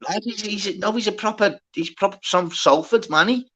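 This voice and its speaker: A man hosting a casual livestream chat, swearing a lot and talking in quick bursts full of filler words. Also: high-pitched, sharp tone. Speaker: livestream host.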